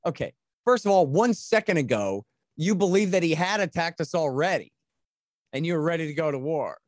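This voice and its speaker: A man rants in impassioned, sarcastic commentary, slipping into mocking voices. His voice sits a little high for a man. The recording is dry and close, with no room sound. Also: animated, fairly quick, no echo. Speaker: podcast guest. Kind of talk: heated political commentary.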